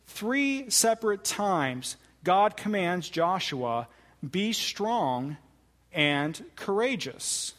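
A man preaching a sermon, with deliberate, emphatic phrasing that slows to stress key words. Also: on the high side, long reverb tail. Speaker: pastor.

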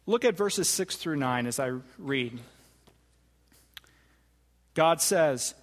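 A man preaches in a church sanctuary, his voice sitting a little high for a man. He leans on key words with slow, emphatic stresses. A long reverb from the big hall trails each phrase. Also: expressive. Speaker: pastor. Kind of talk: sermon.

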